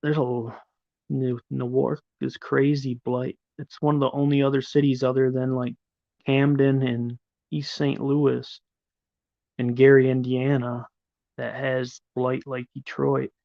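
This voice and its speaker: Brief: middle-aged male stream host, gravelly and rough, swears freely, rambles off viewer comments, dry muffled audio. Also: medium pitch, flat delivery, a little slow, dry recording. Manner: rambling and profane. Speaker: livestream host. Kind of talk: casual live chat, answering viewers.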